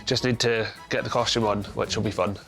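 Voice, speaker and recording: A man's voice: fairly low pitch, fairly even intonation, fairly quick, gravelly, over music. A Scottish man chatting casually to camera, awkward and self-deprecating. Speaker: father standing in as Santa.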